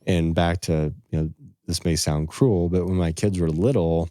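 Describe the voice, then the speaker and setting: A middle-aged man with a deep, warm, mellow voice tells earnest family stories on a podcast, quoting scripture and old sayings as he goes. He is recorded up close with a dry sound. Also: fairly even intonation, moderate pace, dry recording. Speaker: financial advisor, podcast guest. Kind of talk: casual storytelling in conversation.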